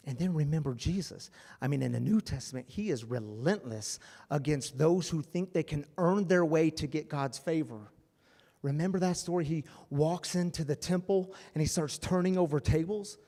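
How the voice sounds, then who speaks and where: A man pastor preaching an animated, conversational sermon. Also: fairly high pitch, moderate pace, long reverb tail.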